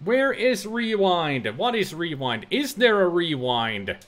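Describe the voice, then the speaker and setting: High, lively, excitable man gaming. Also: slow pace. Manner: excitable, exclaiming, rambles aloud. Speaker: gamer. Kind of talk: let's play commentary.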